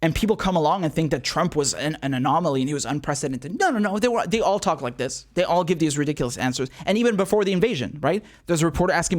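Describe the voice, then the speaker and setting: A young man hosting a casual political commentary show. He talks in an animated, sarcastic way, laughs often and repeats himself. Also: on the high side, fast talker, hardly any pauses.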